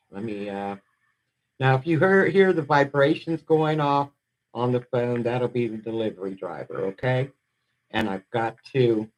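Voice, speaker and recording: A man's voice: medium pitch, rough recording. A man hosting a casual live stream, reading out earthquake reports and chatting with his viewers. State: a little out of breath.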